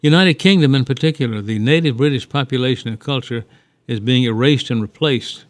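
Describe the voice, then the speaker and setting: A man's voice: mid-range voice, brisk, dry recording. A man hosting a casual radio talk show, rambling and hesitant with lots of fillers and opinions.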